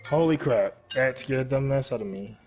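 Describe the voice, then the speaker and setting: A young man giving live gameplay commentary as a streamer, excitable, yelping and swearing at the game. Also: mid-range voice, normal speed, music in the background. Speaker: gaming streamer.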